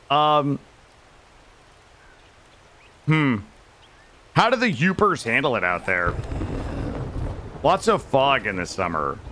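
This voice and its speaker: A man's voice: medium pitch, pushed and bright. A man from Vermont chatting casually with his live-stream chat while he plays, joking and swearing freely. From Vermont, USA. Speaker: gaming streamer.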